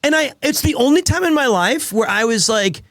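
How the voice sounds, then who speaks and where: A man's voice: very high-pitched, animated, a little fast, a bit bright, no echo, clean studio sound. A man chatting casually on a gaming live stream, telling rambling stories with lots of restarts. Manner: rambling anecdotal storytelling with many restarts.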